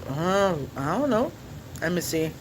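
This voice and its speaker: A man's voice: sits high, very animated, measured pace, slight background noise, poor audio. A young man hosting a podcast, chatting casually with his viewers in a rambling, playful way and laughing often. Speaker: podcast host.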